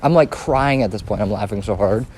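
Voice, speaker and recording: A man's voice: lowish voice, a little fast, a little mellow, slight background noise. Rambling, profane young man. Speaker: storytime vlogger. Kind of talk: casual storytelling.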